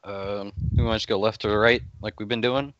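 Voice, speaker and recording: A man's voice: on the low side, steady tone, normal speed, a bit bright, no echo, highs cut off. A man playing a tabletop game, hesitant with many fillers. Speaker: player. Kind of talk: casual tabletop play.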